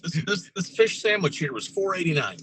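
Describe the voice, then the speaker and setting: A middle-aged man co-hosting a podcast, telling a story in a casual, profane, animated way. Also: fairly quick, slight background noise, rough recording. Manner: animated, profane, jumps into high voices for quotes. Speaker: podcast co-host.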